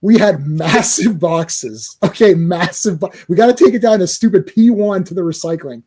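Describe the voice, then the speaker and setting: Husky, animated man telling stories. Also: high-pitched, moderate pace. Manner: animated storyteller, stammering restarts, laughs often. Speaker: podcast host. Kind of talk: casual chat.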